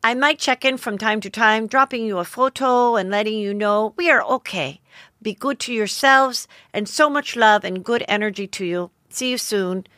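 A sing-song, exaggerated foreign-accented voice reading a post aloud, pitched a bit higher and pushier than ordinary talk, as a woman puts it on to mock it. The sound is dry and close. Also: moderate pace, fairly bright tone, dry recording, close to an everyday voice.

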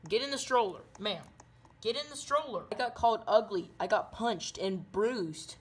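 A woman doing loud, silly running commentary while playing a game. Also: medium pitch, lively intonation, moderate pace, husky. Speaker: gaming video creator.

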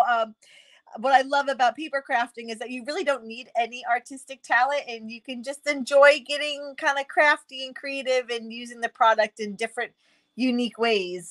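A woman hosting a live crafting stream, chatty and bubbly, greeting viewers by name and laughing often. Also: on the high side. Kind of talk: casual live-stream chat.

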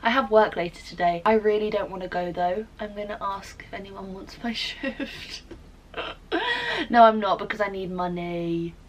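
A woman's voice: mid-range voice, steady tone, moderate pace, a little hiss or hum, low-quality recording. A young woman, ranting in a casual vlog, dramatic, sweary and self-mocking. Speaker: vlogger.

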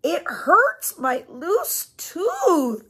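A woman voicing an excited little boy with a loose tooth in a storybook read-aloud. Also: very high voice, very slow, pitched above the performer's own voice, heavily acted. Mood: whiny. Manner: excitable, whiny when hurting.

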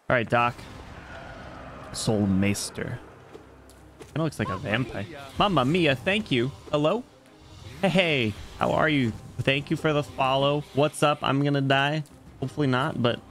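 A young man streaming a video game, rambling and joking with his chat while he plays. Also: fairly low pitch. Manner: rambling, jokey, talks to chat while playing. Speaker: VTuber streamer. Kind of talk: casual gaming livestream chat.

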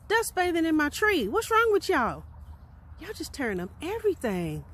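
High, lively woman scolding. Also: slight background noise. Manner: scolding, exasperated chiding. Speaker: backyard homesteader. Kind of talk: casual vlog chatter. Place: outdoor backyard garden.

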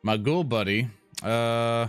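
A man's voice: mid-range voice, slow, clean tone, dry recording, faint music behind. A man playing a tabletop game, chatting playfully and riffing on jokes. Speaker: player. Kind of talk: casual tabletop game chat.

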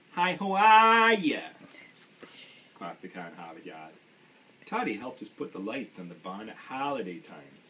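A man reads a children's picture book aloud, putting on a broad Maine accent with playful exaggeration. His voice sits fairly low, and he drops to a soft mutter for a recurring refrain. A faint background hum runs under the home recording. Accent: put-on Maine accent. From Michigan. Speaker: reader.

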